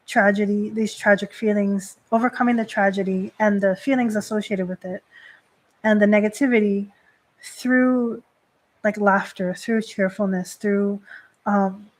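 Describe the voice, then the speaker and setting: A woman priestess hosting a casual live stream. She talks in a chatty, rambling way, filling her sentences with "like." Her voice sits at an ordinary middle pitch. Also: poor audio. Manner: chatty, heavy use of "like" fillers. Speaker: Shinto priestess and host.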